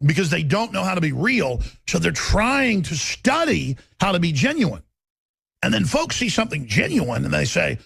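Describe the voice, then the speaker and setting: A man hosting a talk radio show, with a raspy voice and an intense, forceful delivery that swings between fast and slow. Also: on the high side, sing-song, no echo. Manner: intense, forceful, shifting pace.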